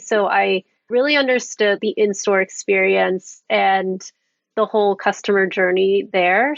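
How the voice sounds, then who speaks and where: A woman's voice: medium pitch, gravelly, no echo. A young woman in her twenties interviewing a guest, asking curious questions and affirming answers. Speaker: interviewer, student host. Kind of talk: conversational interview. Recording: dull, dry, lo-fi sound.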